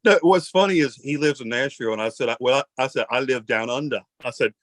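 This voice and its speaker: A man's voice: medium pitch, expressive, fast talker, dry recording. A man hosting an interview, chatting in a rambling, folksy, self-deprecating way. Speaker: host. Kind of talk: casual interview chat.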